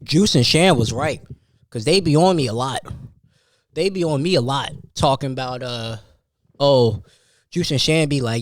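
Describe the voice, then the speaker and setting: A man in his thirties hosting a casual solo podcast, telling a story in a rambling, animated way with many restarts. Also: mid-range voice, normal speed, long pauses, no echo, studio quality. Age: 30s. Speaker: podcast host.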